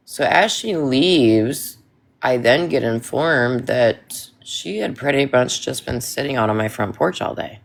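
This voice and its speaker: A woman with a gravelly, fry-laced voice tells a story in a casual chat. She rambles and restarts, leaning hard on emphatic lines. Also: a bass voice, unhurried.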